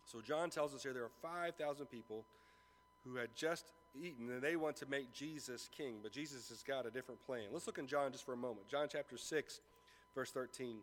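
Speaking briskly at medium pitch, this male pastor tells a story with acted-out lines and then turns to scripture. There's a faint hiss or hum, and the sound carries the long reverb of a big room.

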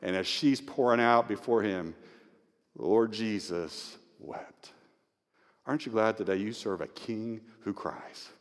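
A male pastor preaching an Easter sermon with scripture reading, emotional and swinging from hushed tones to near-shouting. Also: fairly low pitch, moderate pace, hardly any pauses. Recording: long hall reverb.

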